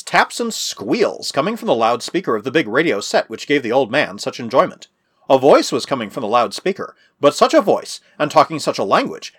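A man narrating an adventure story with a measured, expressive delivery. His voice runs slightly high for a man and rises and falls animatedly. The recording is close and dry. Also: slightly rough, no room sound. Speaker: audiobook narrator.

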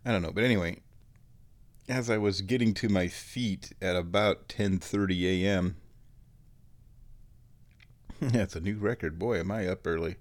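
A man with a fairly low voice talks straight to his audience in a loose, rambling vlog. He tells small everyday stories at an easy, meandering pace. Little asides and chuckles drift through his talk. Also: normal speed. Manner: chatty, meandering storytelling with laughs and sighs. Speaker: vlogger.

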